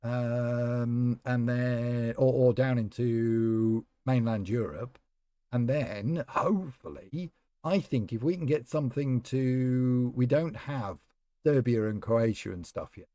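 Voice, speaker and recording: A man with a medium-pitched, mellow voice live-streams a game, talking slowly in a dry, clean studio recording. He rambles casually and chats with viewers, addressing them by name.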